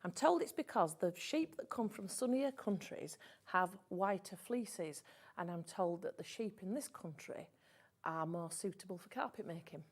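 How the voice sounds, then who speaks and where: A woman's voice: lowish voice, expressive, moderate pace. A woman with a Yorkshire accent chatting about fabrics on a shopping channel, rambling with frequent restarts. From Yorkshire, England. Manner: warm, rambling, with restarts and laughs. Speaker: craft designer guest presenter. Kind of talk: casual on-air sales chat.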